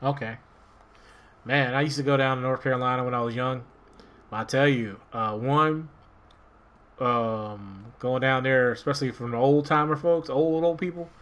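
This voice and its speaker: Male streamer from Maryland, relaxed rambling play-by-play. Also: medium pitch, moderate pace, highs cut off. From Maryland, USA. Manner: rambling, relaxed, talks to himself while playing. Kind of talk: casual gameplay commentary.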